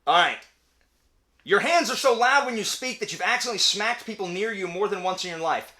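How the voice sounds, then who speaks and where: A young man hosting a casual chat with his wife, talking in an animated, ranting way with quick asides. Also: high-pitched. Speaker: channel host; teacher.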